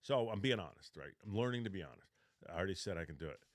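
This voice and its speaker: A man's voice: low-pitched, expressive, quick pace, dry recording, clean studio sound. A man in his fifties giving casual, rambling job interview advice on a podcast, often correcting himself mid-sentence. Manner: rambling, self-correcting, acts out both sides of a mock interview. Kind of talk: casual advice talk with role-played practice.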